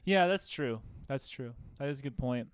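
A man's voice: mid-range voice, animated, normal speed, clean tone, dry recording, studio quality. A man in a casual roundtable chat, talking loosely with lots of fillers. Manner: loose, filler-heavy, agreeable.

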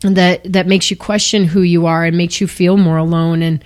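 A woman's voice: on the low side, flat delivery, normal speed, a little mellow. A woman hosting an interview who affirms her guest and asks open questions. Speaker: interview host. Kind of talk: conversational interview.

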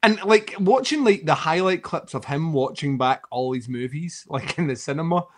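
A man in a loose, casual chat about films, rambling through his thoughts. He breaks into laughter often and swears freely. His voice sits slightly high. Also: lively intonation, normal speed, a little hiss or hum.

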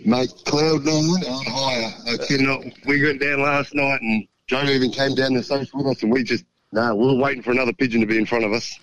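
An Australian man calls in over a radio phone line and tells how his pigeon won a race. He talks in an excited, chatty way and stays in a middle pitch range. He laughs easily as he tells the story. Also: fairly quick, hardly any pauses. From South Australia. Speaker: winning pigeon racer, phone guest.

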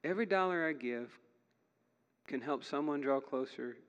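A man's voice: mid-range voice, moderate pace, dull audio. A man preaching as a pastor in a church, earnest and chatty, laughing now and then between points. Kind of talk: sermon. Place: church sanctuary. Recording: long reverb of a large hall.

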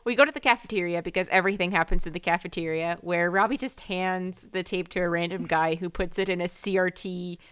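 A woman's voice: on the low side, steady tone, fairly quick, hardly any pauses, a bit bright, smooth. A woman co-hosting a podcast, recapping a TV episode in a wry, amused way. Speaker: podcast co-host. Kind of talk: casual TV episode recap chat.

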